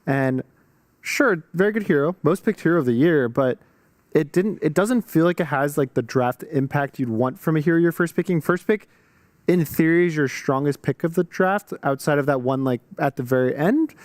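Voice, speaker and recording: A male esports analyst talks through draft choices in a quick, filler-heavy flow. His voice sits somewhat high and sounds close and dry. He comes across as casual and opinionated. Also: dry recording.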